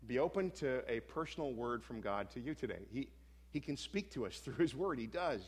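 A man's voice: medium pitch, animated, breathy edge. Reflective male pastor in a reverberant hall. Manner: unhurried, reflective, with frequent small restarts. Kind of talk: sermon leading a guided scripture meditation. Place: church sanctuary. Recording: long reverb from a large worship hall.

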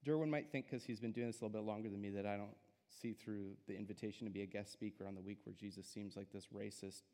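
Fast and steady, a young man with a warm, lowish voice delivers a guest sermon. He's easygoing and self-effacing, with plenty of filler words, and the church sanctuary wraps his voice in long reverb.

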